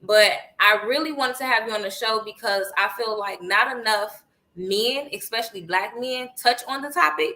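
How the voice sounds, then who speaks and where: A woman hosts a podcast with a bright, sharp-edged voice that sits a little high. She is chatty and hyped, swearing freely as she talks. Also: moderate pace, low-quality recording. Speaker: podcast host. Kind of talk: casual podcast chat.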